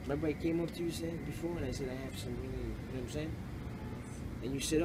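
A man's voice: mid-range voice, fast. A man aggressively taunting and cursing at a stranger, recorded outdoors on a city sidewalk with traffic behind. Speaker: street harasser. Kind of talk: unscripted street confrontation.

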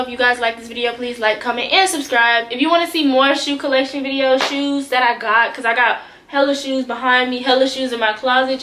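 A young woman hosting a casual shoe-collection vlog, slangy and animated, swearing freely and talking straight to her viewers. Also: high-pitched, reverberant, slight background noise. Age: young adult. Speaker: vlogger. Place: bedroom with shoes behind her.

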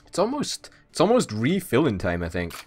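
A man's voice: mid-range voice, huge pitch swings, a little fast, faint music behind. A man hosting a let's play, bantering casually and swearing freely in mock outrage on a voice call.

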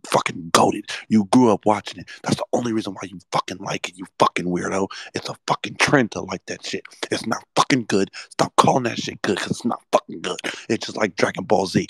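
A man in his twenties ranting late at night, swearing nonstop and swinging between hushed whispers and loud outbursts. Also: on the low side, moderate pace, gravelly, slightly rough, no room sound. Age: 20s. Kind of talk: late-night profane rant, often whispered. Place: at home at night while others sleep.

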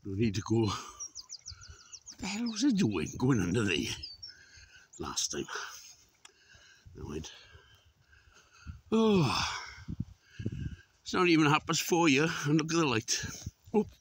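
A man's voice: mid-range voice, huge pitch swings, slow, long pauses, a little hiss or hum. A man in his sixties, out of breath while climbing a hillside outdoors, talking casually and swearing a lot. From Wales. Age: 60s. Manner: exclaiming, swearing often. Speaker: vlogger. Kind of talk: casual walking commentary.

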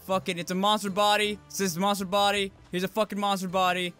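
A man hosting a let's-play, excitable and foul-mouthed, yelling at the game as he plays. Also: high voice, quick pace. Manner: excitable, swears a lot, yells at the game. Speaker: gaming channel host. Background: game music.

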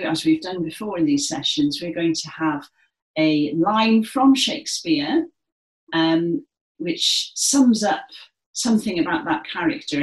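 A woman leading a dance session, giving encouraging instructions and projecting with theatrical delivery. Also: on the low side. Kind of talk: guided movement class instruction. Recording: echoey room.

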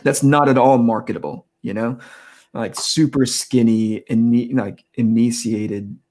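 A man in his forties from the United States, a comic artist telling animated anecdotes in a casual interview, acting out quoted dialogue. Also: mid-range voice, a little slow.

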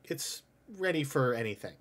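A man's voice: mid-range voice, normal speed. Man running a tabletop game. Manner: relaxed, laughs easily, narrates scenes plainly. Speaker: game master.

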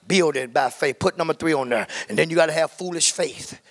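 A male pastor preaching a sermon in church, calling out "my God" and "come on, somebody" and building into drawn-out shouts. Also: a little high. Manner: climbs into fervent, drawn-out shouting at the peaks.

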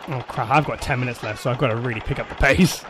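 A man commentating on his own gameplay, excitable, swearing, shouting and laughing at the action. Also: medium pitch, fast talker, background noise. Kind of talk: let's play commentary.

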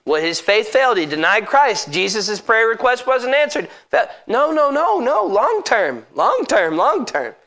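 A pastor preaching a sermon in church, emphatic and asking the congregation direct questions. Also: male voice, extremely high pitch, big pitch swings, measured pace, few pauses, pushed and bright.

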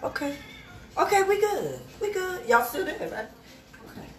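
A woman's voice: very high-pitched, wildly swooping pitch, moderate pace, roomy sound. A woman hosting a casual livestream from her kitchen on a phone, folksy and easygoing, calling people honey and child. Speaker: home cook hosting a livestream. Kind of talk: casual cooking chat.

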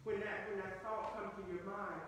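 A man's voice: high-pitched, flat delivery, moderate pace. A man explaining a scripture point earnestly during a sermon, with frequent restarts. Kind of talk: sermon commentary. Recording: echoey hall, far from mic, background noise.

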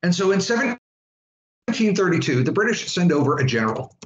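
A man's voice: high voice, very animated, fairly quick. A man from Florida giving a casual, chatty history lecture to students, full of asides. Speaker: history instructor. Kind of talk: classroom lecture. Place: classroom. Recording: echoey room, dull lo-fi sound.

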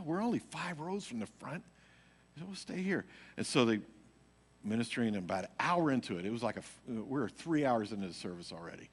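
A man's voice: medium pitch, a bit bright. A man preaching a casual, story-filled Bible study in a church, acting out quotes and laughing at his own stories. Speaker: pastor teaching a midweek Bible study. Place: church sanctuary. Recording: hall reverb, live church recording.

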